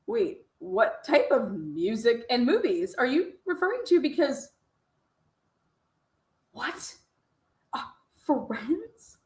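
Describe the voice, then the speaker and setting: A woman's voice: on the high side, very animated, slow pace, pauses often, echoey room. A woman hosting a true crime show, reacting to a clip with profane, incredulous commentary and bursts of laughter. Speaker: true crime podcast host.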